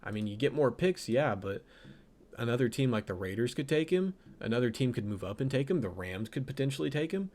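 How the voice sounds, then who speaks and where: A man's voice: mid-range voice, animated, brisk, a little mellow. A young man giving casual, rambling football draft commentary, correcting himself and laughing at his own jokes. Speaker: draft analyst host.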